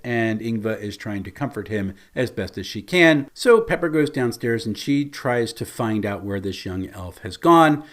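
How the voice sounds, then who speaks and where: Animated storytelling game master man. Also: mid-range voice. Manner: lively storytelling. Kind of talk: recounting a tabletop campaign.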